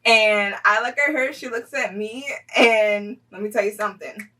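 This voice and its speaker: A young woman telling a personal story in casual vlog style, chatty, full of fillers and quick to laugh. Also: mid-range voice, sharp tone, far from the mic, slight background noise, poor audio.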